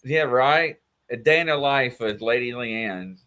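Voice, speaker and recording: A man with a New York accent, co-hosting a casual livestream chat and telling animated stories. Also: mid-range voice, a little slow. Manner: animated storytelling, mimics voices in quotes. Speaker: livestream co-host.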